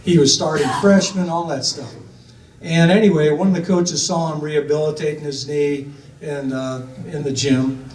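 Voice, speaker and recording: An older man from Ohio tells a family story in a loose, rambling way, with plenty of fillers and little voices for the people he quotes. His voice sits a little high for a man. He sounds a bit away from the mic in an echoey room, with faint room noise behind him. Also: steady tone, moderate pace, a little mellow, distant mic. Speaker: storyteller recounting family history. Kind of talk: casual spoken storytelling.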